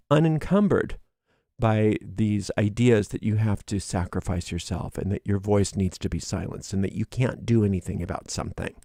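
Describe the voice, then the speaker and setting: A man giving a daily tarot reading in a lively, animated monologue, laughing and acting out quoted voices, often restarting his sentences. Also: mid-range voice, no echo, studio quality. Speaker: tarot reader.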